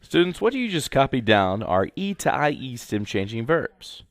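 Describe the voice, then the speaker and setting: A man's voice: mid-range voice, very animated, normal speed, no room sound. A man teaching a grammar lesson slide by slide, speaking instructively and repeating directions to students. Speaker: Spanish teacher.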